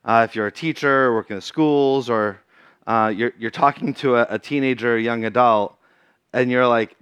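Chatty man from Massachusetts, smooth voice. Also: mid-range voice, normal speed, fairly bright tone, no room sound. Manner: casual and chatty, with many fillers. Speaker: guest speaker. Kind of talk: church talk to a congregation. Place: church.

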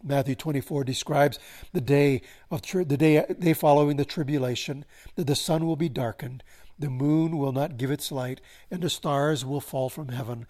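A man preaching a sermon, swelling to emphasis and slowing into solemn pauses. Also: medium pitch, darkish tone. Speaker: pastor.

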